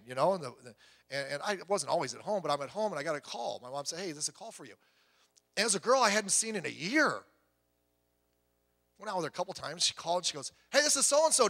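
A man in his fifties preaching a sermon, telling stories with animated voices and swinging from loud to hushed. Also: sits high, gravelly. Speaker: pastor. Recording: long hall reverb.

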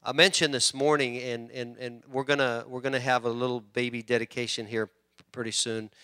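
A middle-aged man preaching a sermon as pastor, swinging between loud emphasis and quiet asides and often repeating words. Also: mid-range voice, little pitch movement, a little fast, clear, resonant tone, no room sound, clean studio sound.

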